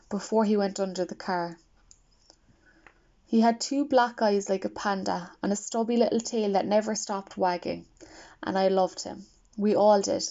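A woman reading an audiobook as first-person narration, quiet, reflective and wistful, on a dull lo-fi recording. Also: medium pitch, creaky.

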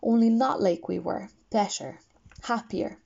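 A woman reading the part of a tender, apologetic mother in an audiobook, soft and reassuring, on a dull lo-fi recording. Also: mid-range voice, measured pace, creaky.

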